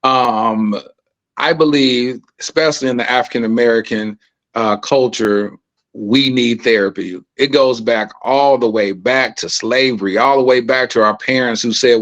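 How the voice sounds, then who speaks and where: A man speaks as an interview guest in a candid conversation. He sounds earnest and preacherly, with a mid-pitched, ordinary voice. He shares stories with conviction. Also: moderate pace, fairly bright tone, poor audio. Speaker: podcast host and filmmaker as guest.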